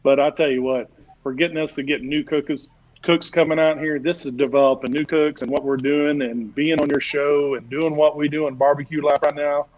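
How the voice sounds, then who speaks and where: A barbecue class teacher appearing as a guest tells a long, folksy, rambling story in casual chat, packed with "uh" fillers. His voice is on the high side, level and a little mellow, fairly quick, heard through dull lo-fi stream audio.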